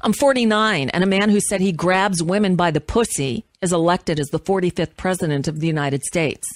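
A woman in her fifties, a radio host, reading an essay aloud with measured, impassioned delivery. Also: on the low side, no echo, clean studio sound.

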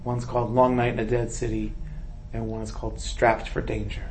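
An animated man tells a story in a casual chat, laughing as he goes. His pitch sits mid-range. A faint background hiss runs under his voice. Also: fairly quick. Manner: animated, laughs while telling stories. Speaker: comedian and indie film actor.

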